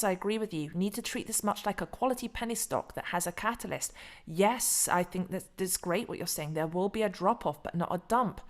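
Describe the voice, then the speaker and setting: A woman hosting a casual crypto commentary stream, chatty, frank and excitable. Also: fairly high pitch. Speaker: crypto channel host.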